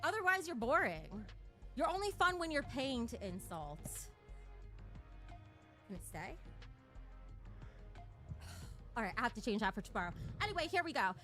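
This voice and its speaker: A high-voiced woman streamer whose pitch swoops widely as she rants and mocks. Her tone is bright and sharp, full of profanity and taunts. She sounds slightly out of breath. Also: sing-song, moderate pace, long pauses, soft background music. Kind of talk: casual livestream rant.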